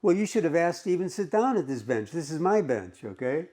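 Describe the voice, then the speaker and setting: A male teacher reading the lines of a cheeky, sarcastic old woman on a park bench, raising his pitch a little for her. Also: animated, moderate pace, darkish tone, natural voice. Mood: teasing. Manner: sarcastic, teasing.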